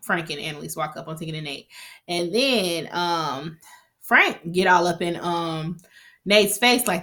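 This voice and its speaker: A woman's voice: lowish voice, measured pace, fairly bright tone. A woman giving a casual, chatty recap of a TV episode, swearing freely and acting out the characters' lines. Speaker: TV recap vlogger.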